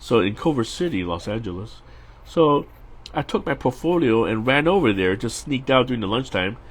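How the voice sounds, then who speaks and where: A man's voice: medium pitch, animated, moderate pace, husky. A middle-aged man, a storyboard artist, chatting casually and rambling while he draws on a live stream, with frequent restarts and laughs.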